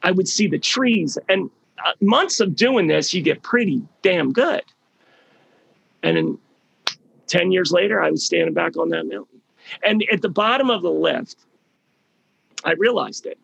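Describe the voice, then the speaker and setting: Very gravelly middle-aged man, emphatic. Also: high voice, animated, unhurried, pauses often, a bit bright, no echo. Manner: emphatic storytelling, repeats words for stress. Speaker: healing program leader. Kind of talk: motivational talk.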